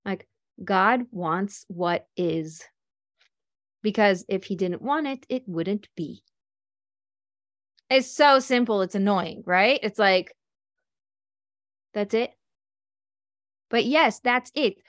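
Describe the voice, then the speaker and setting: A life and business coach, a woman, gives a faith-based talk in a chatty storytelling style, acting out the people she quotes. Her mid-range voice is animated yet slow, with long pauses, and the studio-quality audio has no room sound.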